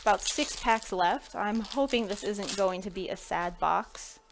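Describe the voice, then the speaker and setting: Woman host, casual streamer chat, mid-pitched, loose and chatty, laughs easily. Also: a little slow, a little hiss or hum. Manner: chatty, thinking aloud, laughing between remarks. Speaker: live-stream pack opener.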